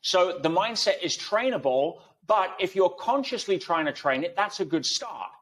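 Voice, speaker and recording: Interview guest, male, fairly high voice, emphatic talker full of analogies. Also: animated, moderate pace, fairly bright tone. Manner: emphatic, uses analogies and rhetorical questions. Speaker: guest speaker. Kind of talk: conversational interview.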